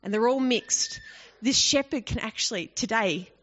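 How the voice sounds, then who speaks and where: A woman's voice: a little high, normal speed, a bit bright. A woman teaching a Bible passage in an explanatory, conversational way, often asking the listeners rhetorical questions. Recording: dull lo-fi recording.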